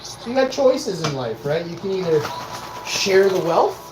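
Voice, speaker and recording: A man's voice: sits high, big pitch swings, a little slow. A man in his forties giving a confrontational, profane monologue as a vlog host, firing off rhetorical questions. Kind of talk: ranting monologue. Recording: roomy echo, faint noise.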